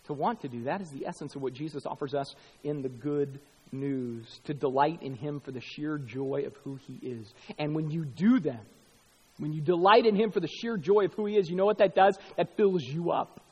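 A man's voice: a little high, breathy edge, in a large hall, lo-fi sound. A middle-aged man preaching a sermon as pastor, telling a story animatedly and acting out the quoted lines himself.

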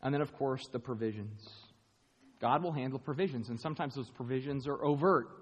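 A man preaching a sermon to a room of people, animated and playful, acting out quick voices and jokey asides. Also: mid-range voice, muffled recording, a little hiss or hum. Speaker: pastor. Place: large room with an audience. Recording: long hall reverb.

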